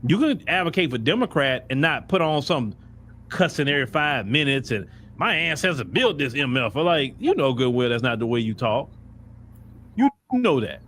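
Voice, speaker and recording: A man's voice: mid-range voice, very animated, normal speed, fairly bright tone, slight background noise. A man hosting a web commentary show, blunt and mocking, speaking straight to the person he criticizes. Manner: blunt, mocking, addresses the subject directly. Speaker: host.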